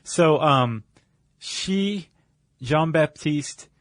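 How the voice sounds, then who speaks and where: A man's voice: fairly high pitch, animated, drawn-out words, dry recording, studio quality. Rambling man co-hosting a podcast. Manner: loose, rambling, full of "like" and "um". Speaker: podcast co-host. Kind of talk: casual chat.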